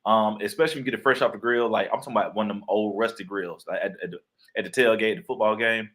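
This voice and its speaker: Very fast and a bit bright, with a steady tone in a lowish register, a young adult man speaks as a guest author and actor in a laid-back interview. He tells playful stories, doing the voices of the people in them.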